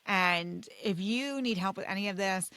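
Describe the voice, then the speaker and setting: A woman's voice: medium pitch, moderate pace, fairly bright tone, clean tone, no echo. A woman hosting a weight loss podcast, talking casually and encouragingly to listeners, filling her speech with "like" and "okay?". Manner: encouraging, chatty, many fillers like "like" and "okay?". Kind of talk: casual solo podcast coaching talk.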